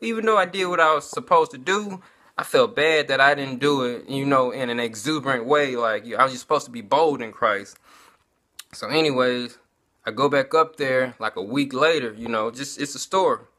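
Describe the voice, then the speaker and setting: Bright-voiced man giving a casual testimony. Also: medium pitch, moderate pace. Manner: conversational, keeps addressing listeners as y'all.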